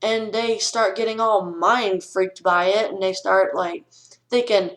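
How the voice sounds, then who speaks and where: A woman's voice: mid-range voice, steady tone, measured pace, low-quality recording. A young woman vlogging from home, giving frank, earnest advice with some swearing and a ranting manner. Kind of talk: casual vlog advice talk.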